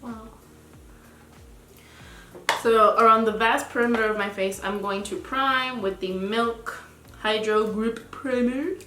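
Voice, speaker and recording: A woman's voice: a little high, measured pace, roomy sound, background noise. A woman doing a casual, chatty makeup tutorial, rambling with lots of filler words as she talks through each step. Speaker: beauty vlogger.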